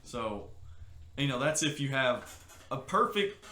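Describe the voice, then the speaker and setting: A man co-hosting a podcast, chatting casually and telling stories with lively acted-out quotes and shouts. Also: mid-range voice, slow, roomy sound. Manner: animated storytelling, acts out shouts and quotes. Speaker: podcast co-host. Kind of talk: casual chat.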